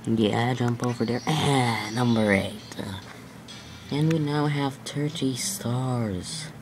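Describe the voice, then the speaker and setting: A woman's voice: rumbling low, slow, background noise. A woman casually chatting and rambling to herself while playing a video game. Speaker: gameplay commentator. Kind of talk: casual let's-play commentary.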